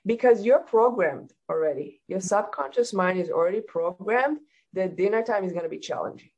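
A woman talking as a hypnotherapist guest in a casual interview, calmly explaining and giving practical advice. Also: medium pitch, normal speed, dull audio.

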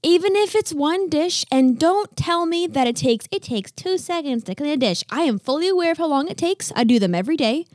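A woman's voice: high-pitched, expressive, brisk, few pauses, darkish tone, dry recording, studio quality. A teenage girl co-hosting a podcast with her father, chatty, earnest and frank about home life. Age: teens. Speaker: podcast co-host. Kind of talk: casual family podcast chat.

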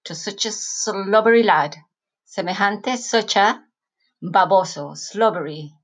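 A woman, a Spanish teacher, narrating a lesson, explaining phrases and repeating them slowly. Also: medium pitch. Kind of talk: scripted language lesson narration.

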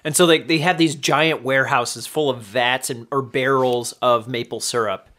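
A man's voice: mid-range voice, fairly even intonation, normal speed, fairly bright tone. A man co-hosting a casual chat, telling stories in a rambling way and going off on tangents. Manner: rambling storyteller, goes off on tangents. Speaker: podcast co-host.

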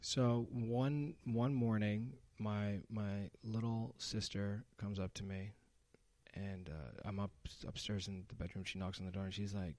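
A man's voice: on the low side, fairly even intonation, measured pace, a little mellow, no room sound. A young man in casual chat, telling a long anecdote with many restarts and fillers.

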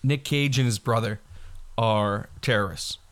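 A man co-hosting a podcast, retelling movie scenes in casual, profane chat, laughing often and slipping into quick impressions of the characters. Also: fairly low pitch, fairly bright tone. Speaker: podcast co-host.

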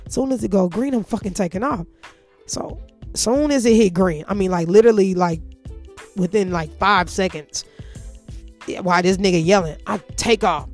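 A woman's voice: mid-range voice, moderate pace, soft background music. A woman telling a story in casual, profanity-heavy speech.

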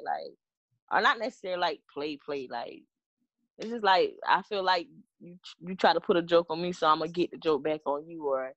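A woman's voice: on the low side, normal speed, a bit bright, no room sound, muffled recording. A woman in casual chat, teasing and acting out little dialogues in a playful way.

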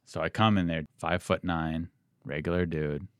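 A young adult man who owns a podcast studio tells an animated, self-deprecating story in casual chat on a close studio mic. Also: sits low, moderate pace, dry recording.

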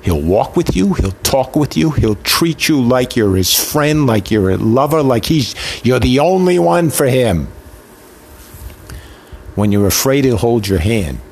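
A man's voice: medium pitch, sing-song, measured pace, a little mellow, breathy edge. A man preaching a sermon with an impassioned, emotional delivery built on rhythmic repetition. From Italian heritage.

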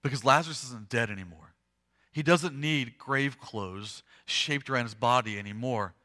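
A man preaching a sermon, retelling a story dramatically, acting out the voices and swinging from hushed to loud. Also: mid-range voice, moderate pace. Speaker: pastor.

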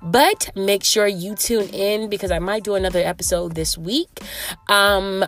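A woman hosting a casual podcast, talking loudly and joking with speech. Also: a little high. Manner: loud, animated, joking, with bursts of laughter. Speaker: podcast host.

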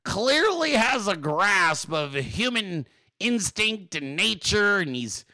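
Mocking, profane man with a bright, lively voice. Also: high voice, slow pace. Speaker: podcast host. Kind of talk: ranting political commentary.

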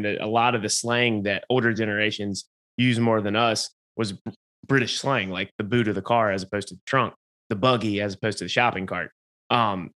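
A man's voice: on the low side, bright, forceful tone. A man with a Southern US accent, chatting casually as a podcast co-host, rambling with fillers and laughing often. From American South. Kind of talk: casual chat.

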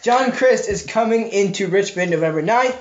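A man's voice: high voice, expressive, normal speed. A man hosting a youth group chat, joking and teasing his friends. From northern United States. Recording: roomy, dull lo-fi audio.

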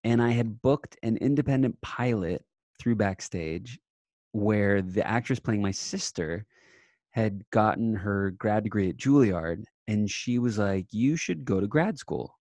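A young adult man, an actor guest, chatting casually in a remote interview and telling animated stories in which he quotes himself. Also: on the low side, a little slow, no room sound, clean studio sound. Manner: animated storyteller, quotes himself in lively bursts. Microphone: remote call mic.

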